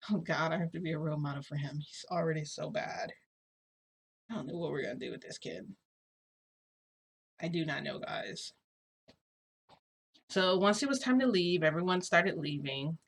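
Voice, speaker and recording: A woman's voice: fairly low pitch, fairly bright tone. A woman vlogger casually retelling a story in a rambling way, full of fillers. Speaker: shifting vlogger.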